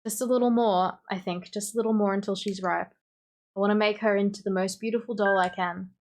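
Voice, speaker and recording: Woman reads an obsessive male doctor, calm and quietly menacing, Australian accent, game line reading. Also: medium pitch, brisk, natural voice. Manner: calm, formal, softly menacing. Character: cold obsessive male doctor doll-maker.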